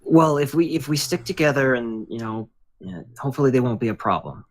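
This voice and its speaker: A man's voice: medium pitch, animated, a little fast. A man playing a tabletop role-playing game, speaking eagerly as his character. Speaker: player.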